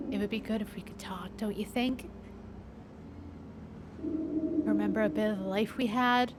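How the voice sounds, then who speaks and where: Whispered role-play: woman as breathy, broken ghost mother, low and hushed. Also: heavy background noise, lightly acted.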